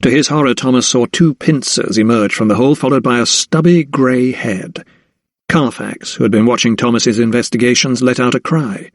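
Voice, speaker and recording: A man narrating an audiobook in a measured storytelling manner. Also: medium pitch, dry recording, studio quality. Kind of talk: scripted narration.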